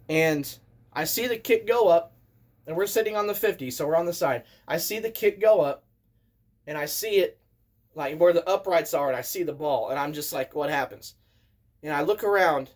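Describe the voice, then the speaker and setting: Man in his 30s, high-pitched voice, excitable storyteller, casual rant. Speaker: vlogger.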